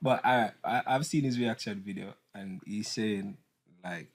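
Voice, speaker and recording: Low-voiced man explaining. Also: a little slow, creaky. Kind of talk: casual discussion.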